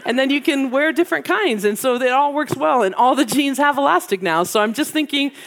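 A woman's voice: high-pitched, expressive, a little fast. A middle-aged woman giving a chatty, self-deprecating talk to a room of mothers, laughing often as she goes. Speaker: speaker at a women's gathering. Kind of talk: casual humorous talk to moms.

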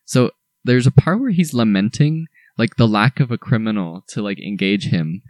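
A man's voice: on the low side, lively intonation, moderate pace, a little mellow, no echo. A young man co-hosting a casual podcast, talking in enthusiastic, rambling bursts with lots of restarts. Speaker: podcast co-host.

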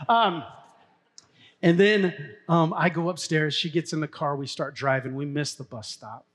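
A man's voice: a little high, a little slow, fairly bright tone. A middle-aged man, a pastor, preaching a sermon in a casual, story-telling way and laughing now and then. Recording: long hall reverb.

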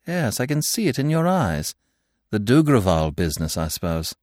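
Arsène Lupin, a man doing a teasing gentleman thief. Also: medium pitch, wildly swooping pitch, a little slow, dry recording, studio quality, heavily acted. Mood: mock-affectionate. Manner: playful, mock-affectionate, chatty.

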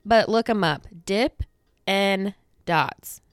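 A woman's voice: mid-range voice, takes it slowly, clear, resonant tone, no echo, faint music behind. A young woman hosting a podcast in casual chat. She rambles with lots of fillers and restarts and sounds a little out of breath, close to the microphone. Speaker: podcast host. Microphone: studio microphone close to the face.

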